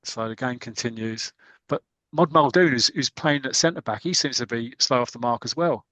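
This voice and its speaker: A man's voice: mid-range voice, normal speed, fairly bright tone, no echo. A man hosting a podcast, casually retelling a comic story in a rambling, chatty way. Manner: rambling, many fillers and restarts, chatty. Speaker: podcast host.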